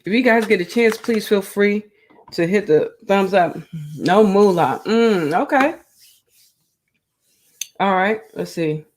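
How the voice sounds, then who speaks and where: A woman's voice: mid-range voice, expressive, slow, long pauses, a little mellow, slight background noise. Chatty lady on a craft livestream talking to her viewers, laughs a lot. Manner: chatty, reads viewer comments aloud. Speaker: crochet livestream host. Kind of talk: casual livestream chat.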